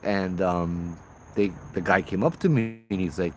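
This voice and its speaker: A man, casually telling ghost stories on a livestream outdoors at night, chatty and relaxed, greeting viewers and laughing often. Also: low-pitched, unhurried, a little hiss or hum. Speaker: ghost-story livestream host and former tour guide. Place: outdoors at night with bugs around.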